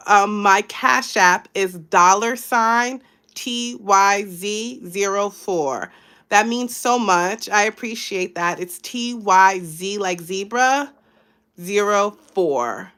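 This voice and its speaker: A woman at an ordinary mid pitch hosts a casual live stream as a life coach. She talks loosely and warmly to her viewers, encouraging them and thanking people by name. Her delivery is relaxed and conversational. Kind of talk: casual motivational live chat.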